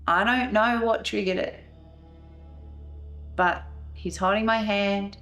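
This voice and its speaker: Woman recounting a painful memory, soft music. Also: mid-range voice, steady tone, slow pace. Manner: emotional, re-enacting scenes with rising voice. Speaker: veteran's wife telling her story. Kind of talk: documentary interview.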